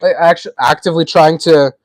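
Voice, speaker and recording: A man's voice: on the high side, steady tone, brisk, a little hiss or hum, poor audio. A man from Tennessee, hosting a livestream and chatting casually with viewers as he answers their messages. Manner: chatty, answers viewers' chat while building. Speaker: livestream host.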